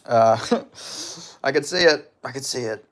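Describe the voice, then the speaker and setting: A man's voice: mid-range voice, lively intonation, slow, a bit bright. Casual, profane Australian young man. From Western Australia. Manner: rambling and profane, with frequent fillers and chuckles. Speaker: MMA commentator reading live chat. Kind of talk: casual livestream chat.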